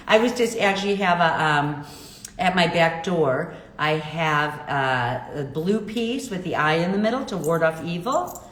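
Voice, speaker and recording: A woman's voice: fairly low pitch, lively intonation, a little slow, a bit bright. A middle-aged woman hosting a casual livestream, bubbly and chatty, reacting to viewer comments. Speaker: livestream host, jeweler. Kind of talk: casual live chat reading viewer comments. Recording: echoey room with faint noise.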